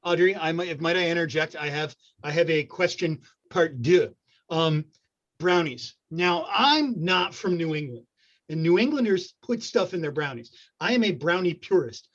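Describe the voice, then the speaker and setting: A man's voice: fairly high pitch, expressive, moderate pace, a bit bright. Playful man hosting improv, rambly, muffled call audio. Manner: jokey, rambling. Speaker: improv show host. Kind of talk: playful show hosting over video call. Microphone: video call.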